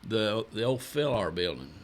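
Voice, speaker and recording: A man in his sixties, a retired firefighter, speaking in a halting, plainspoken way in casual radio chat. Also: lowish voice, very animated, slight background noise.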